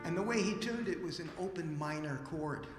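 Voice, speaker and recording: A man telling a story on stage at a library event, lively and casual, acting out the dialogue. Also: a little high, a little fast, faint music behind. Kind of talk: animated live storytelling. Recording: roomy hall with long reverb.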